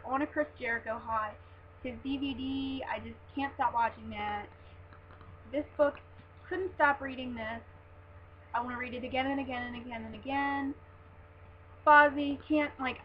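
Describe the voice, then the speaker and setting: A young woman in a casual book review vlog, talking in a gushing, excitable fan manner with lots of "like"s and restarts. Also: sits high. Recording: dull lo-fi webcam sound with faint hiss.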